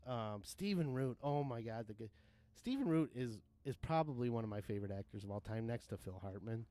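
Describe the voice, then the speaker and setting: A man's voice: mid-range voice, animated, normal speed, dark tone, no echo. A man in his thirties or forties, rambling casually and profanely while streaming a game, with frequent laughs. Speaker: livestream gamer. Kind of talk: casual gaming commentary.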